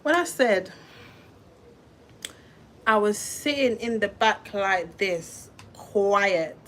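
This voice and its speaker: A woman's voice: mid-range voice, animated, slow, fairly bright tone, a little hiss or hum. Chatty young woman. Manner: chatty, swears, lots of fillers and restarts. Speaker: vlogger telling a story. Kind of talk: casual storytime.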